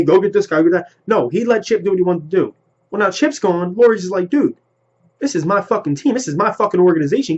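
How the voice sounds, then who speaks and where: A fired-up man vents as a football fan, swearing freely and firing off complaints in quick bursts. His voice sits somewhat high. The sound is muffled and lo-fi. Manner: heated, profane, rapid-fire ranting. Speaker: sports vlogger. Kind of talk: ranting fan commentary. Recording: lo-fi home recording.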